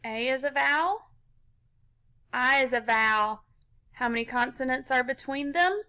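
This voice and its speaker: Slow, bright-voiced woman teaching phonics. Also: high-pitched, clean tone, rough recording. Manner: slow, patient, step-by-step instruction. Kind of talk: phonics lesson for children.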